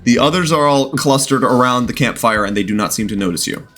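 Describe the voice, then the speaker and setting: A man running a tabletop game as game master, narrating scenes with laughs, swearing and quick asides. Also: mid-range voice, a bit bright, soft background music.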